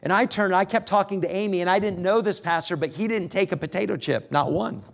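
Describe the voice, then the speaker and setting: A middle-aged man delivers a sermon from the pulpit. His voice sits a little higher than most men's, and he tells a family story with gentle humor. His delivery rises and falls in a lively way. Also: fast talker, vocal fry. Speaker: pastor becoming missionary.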